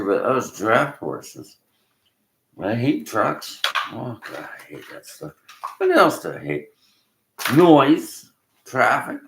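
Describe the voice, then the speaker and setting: A man's voice: lowish voice, fairly bright tone, reverberant, slight background noise. An older Canadian man delivering a blunt, cursing rant, laughing between complaints. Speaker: vlogger. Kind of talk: ranting monologue.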